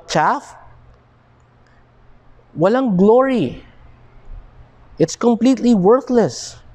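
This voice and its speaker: A man with a Filipino accent preaching a sermon, deliberate and emphatic, now and then switching into Tagalog. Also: sits high, a little mellow. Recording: long hall reverb.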